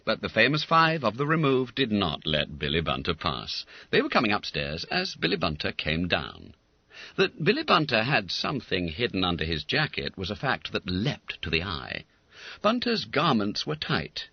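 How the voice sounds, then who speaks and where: Animated male audiobook narrator. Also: on the low side, moderate pace, vocal fry, slightly rough, no room sound. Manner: animated, comic storytelling. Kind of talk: scripted narration. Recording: dull lo-fi recording.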